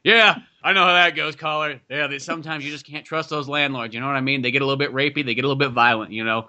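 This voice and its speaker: A man's voice: medium pitch, steady tone, very fast, sharp tone, lo-fi sound. A man co-hosting a podcast, trading crude jokes in casual banter and laughing often. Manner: crude, jokey, laughs often, slips into silly put-on voices. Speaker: podcast co-host.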